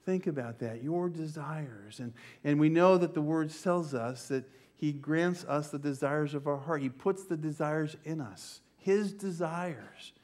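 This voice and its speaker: An older man preaches a sermon to his congregation in church. His voice sits slightly high, and he slows down for emphasis and sometimes sinks to a near-whisper. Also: a little mellow. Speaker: pastor.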